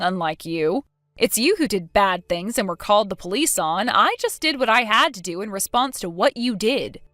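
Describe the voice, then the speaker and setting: A woman narrates a texting story in a cold, accusing, sarcastic tone. Her voice is somewhat high and swings widely in pitch. The sound is dry and close, with faint music underneath. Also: animated, moderate pace, a bit bright, no echo. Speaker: narrator voicing the daughter-in-law.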